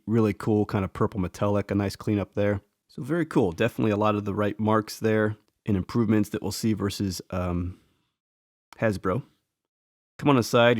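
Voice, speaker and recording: Man, toy reviewer, lowish voice, dry close sound, relaxed and enthusiastic, casual show-and-tell. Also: no room sound. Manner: relaxed, enthusiastic, thinks aloud with restarts.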